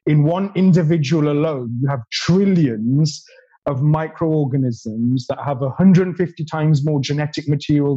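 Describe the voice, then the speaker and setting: A man's voice: on the high side, warm tone, dull audio. A man talking as a guest chef in a casual podcast chat, explaining gut health with enthusiasm and laughing easily.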